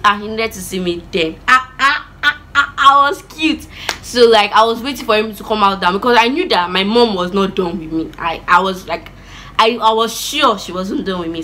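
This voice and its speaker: A woman telling a childhood story in a chatty, animated vlog style with lots of asides. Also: medium pitch, slight background noise, rough recording. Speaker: vlogger.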